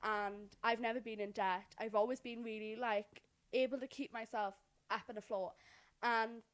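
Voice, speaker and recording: Woman, podcast co-host, casual chat, animated storytelling, swears a lot. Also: on the high side, normal speed.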